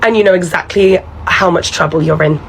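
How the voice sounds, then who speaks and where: A woman's voice: lowish voice, fairly quick, gravelly, soft background music, rough recording. A woman playing a bossy, entitled female pub manager who talks down to her staff in a condescending way. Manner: condescending, patronizing, relentless. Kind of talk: comedy sketch acting.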